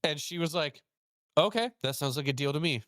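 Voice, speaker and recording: Fairly quick in his delivery, a young male host tells a story in an informal chat, voicing both people in the dialogue. He's animated, with pitch jumps on the quoted lines, recorded dry at studio quality.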